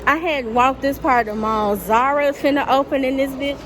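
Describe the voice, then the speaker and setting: A woman chatting excitedly to viewers while strolling through a mall, filmed on a handheld phone. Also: sits high, moderate pace, background noise. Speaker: vlogger. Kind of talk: casual shopping vlog chat. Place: outdoors and inside a shopping mall.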